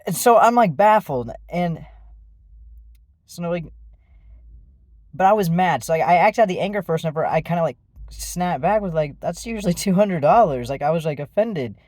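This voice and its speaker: A man's voice: a little high, lively intonation, moderate pace, long pauses, darkish tone, no echo, studio quality. A man telling a personal story in a casual, rambling way, with many fillers and restarts. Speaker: vlogger.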